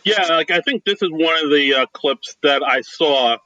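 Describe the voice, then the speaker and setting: A man's voice: a little high, normal speed, pushed and bright, dry recording, highs cut off. A man co-hosting a podcast in casual chat, hesitant and loose, full of "like" and laughs. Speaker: podcast co-host.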